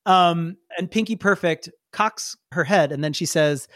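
A woman's voice: on the low side, unhurried, few pauses, dry recording, studio quality. A woman narrating as game master of a tabletop role-play, talking loosely with many fillers. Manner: animated, voices many characters, frequent fillers.

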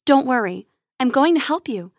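A woman voicing a brave, kind-hearted young space ranger who coaxes a wounded animal gently and turns fierce toward poachers. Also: sits high, animated, normal speed, no room sound, studio quality. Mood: soothing.

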